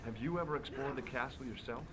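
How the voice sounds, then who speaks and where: An actor playing a self-assured young American adventurer in an adventure game, making dry wisecracks. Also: male voice, medium pitch, fast talker, fairly bright tone, natural voice. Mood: wry. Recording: noisy captured game audio.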